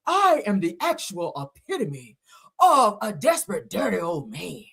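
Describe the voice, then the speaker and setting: A woman's voice: medium pitch, sing-song, measured pace, vocal fry, fairly bright tone, husky, full character voice. A woman voicing a remorseful older male pastor, reading his confession in a mock-solemn tone.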